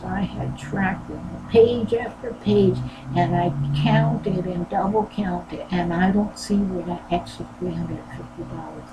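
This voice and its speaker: A low-pitched woman talks earnestly and rambles, looping back over the same phrases. There is steady, clearly audible noise behind her voice. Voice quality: low voice that does not go higher. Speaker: sewing channel host. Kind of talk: casual personal talk. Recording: noisy background.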